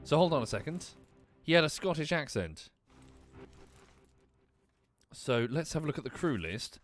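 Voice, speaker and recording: Lively man thinking aloud over a game. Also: fairly high pitch, normal speed, faint music behind. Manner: thinks aloud, muttering and swearing. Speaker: streamer. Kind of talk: casual gameplay commentary.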